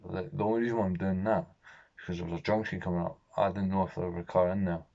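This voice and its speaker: A young man vlogging, telling a personal story in a halting, profane, emotionally raw way. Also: sits low, flat delivery, gravelly, warm tone. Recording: dull lo-fi recording.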